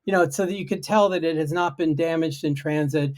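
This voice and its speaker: A man's voice: on the high side, a little fast, darkish tone. A man chatting casually on a video-call livestream, explaining his project in a self-deprecating way. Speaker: guest programmer.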